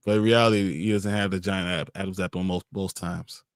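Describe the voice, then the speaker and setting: A man's voice: low-pitched, steady tone, a little fast, smooth, dry recording, studio quality. A man co-hosting a live podcast stream, playfully quizzing the others in casual chat. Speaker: podcast co-host.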